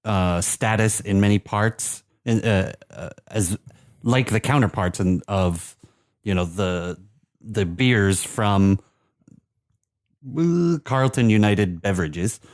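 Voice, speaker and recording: Podcast co-host, man, low voice, dry close sound, rambling with fillers. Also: slow pace, dry recording. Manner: rambling, hesitant, many fillers. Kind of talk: casual chat about beer and soccer.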